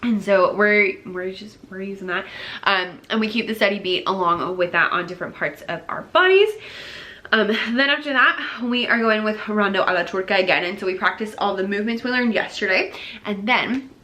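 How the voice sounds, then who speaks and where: A woman's voice: mid-range voice, normal speed, sharp tone. A young woman, an elementary music teacher, casually talking through her lessons, acting out classroom exchanges and sometimes whispering or singing bits. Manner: acts out classroom dialogue, drops to whispers, sings snippets.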